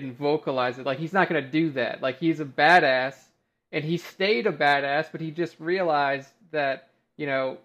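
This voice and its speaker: A man's voice: fairly high pitch, moderate pace, fairly bright tone. A man rambling in casual chat, leaning on "you know" and "like" as he goes. His recording sounds dull and lo-fi. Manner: rambling, filler-heavy talk.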